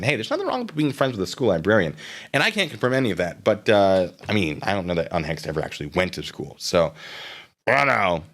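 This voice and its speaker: A man's voice: on the low side, sing-song, fast talker, a bit bright. A man hosting a live stream, commenting casually and sarcastically while reading chat messages aloud.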